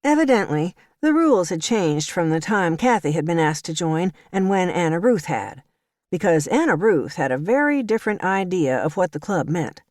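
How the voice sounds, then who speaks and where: A woman narrating an audiobook, her voice moving lively up and down as she tells the story. It sounds close and dry, with no room around it. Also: on the low side, normal speed, no echo. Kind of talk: scripted narration.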